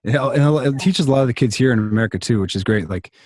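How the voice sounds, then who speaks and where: A man's voice: mid-range voice, fast talker, a little mellow, no echo, clean studio sound. A man telling a long story in a casual interview over a video call, rambling with many restarts and fillers. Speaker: songwriter guest.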